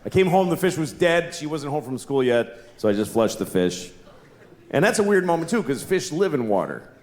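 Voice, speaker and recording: Middle aged guy doing standup, exasperated and swearing, pitch all over the place, echoey club. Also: normal speed. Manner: animated, exasperated storytelling with cursing. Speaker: stand-up comedian. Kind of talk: stand-up routine.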